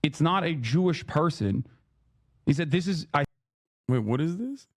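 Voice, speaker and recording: Man, thirties, livestream reaction, profane heated rant, slightly high voice, dry sound. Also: lively intonation, measured pace, no echo. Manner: heated, profane ranting with sarcastic mimicry. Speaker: streamer reacting to videos.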